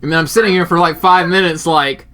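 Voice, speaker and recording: A man's voice: a little high, steady tone, quick pace, pushed and bright. A young man hosting a casual podcast, full of crude jokes and banter. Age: young adult. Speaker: podcast host.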